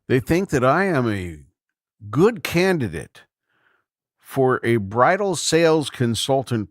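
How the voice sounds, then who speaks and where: A middle-aged man hosts a casual livestream from a room in his home, his mid-range voice fairly bright with no room sound. He rambles in an easygoing way, thinking aloud and restarting often.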